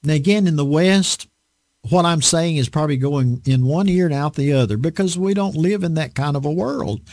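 A man preaching an online Bible study sermon, slow and deliberate, drawing out words for emphasis. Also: a little high, a little mellow, no room sound, studio quality.

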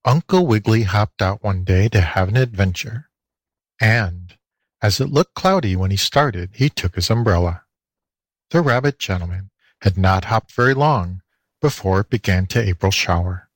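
A man's voice: on the low side, expressive, moderate pace, no echo. A man narrating a children's storybook for a volunteer audiobook.

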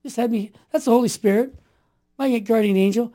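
A man in his sixties telling stories in an interview, emphatic and fervent, building to forceful outbursts. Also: extremely high pitch, brisk. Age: 60s. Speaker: guest. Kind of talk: impassioned storytelling in conversation.

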